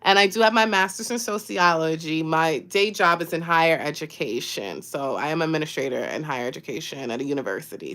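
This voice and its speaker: A woman at an ordinary mid pitch hosts a casual live stream as a life coach. She talks loosely and warmly to her viewers, encouraging them and thanking people by name. Her delivery is relaxed and conversational. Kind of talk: casual motivational live chat.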